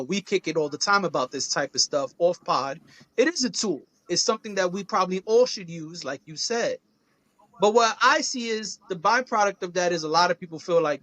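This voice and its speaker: A man's voice: high voice, a bit bright, no echo. A man co-hosting a podcast, talking things through in an earnest, conversational way and often checking in with his listeners. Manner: earnest, conversational, often asks "you feel what I'm saying". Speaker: podcast co-host. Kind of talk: casual podcast discussion.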